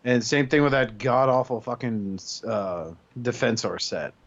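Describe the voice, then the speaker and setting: A man's voice: medium pitch, unhurried. A man co-hosting a casual podcast chat, rambling and swearing freely. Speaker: podcast host. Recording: dull lo-fi sound.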